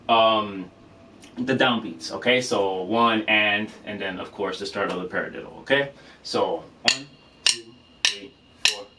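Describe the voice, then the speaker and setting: Man, drum teacher, casual instructional talk, self-correcting, mid pitch, a bit away from the mic, faint hiss. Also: sharp tone. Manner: casual, with many fillers and self-corrections, apologetic. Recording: voice from a distance with faint noise.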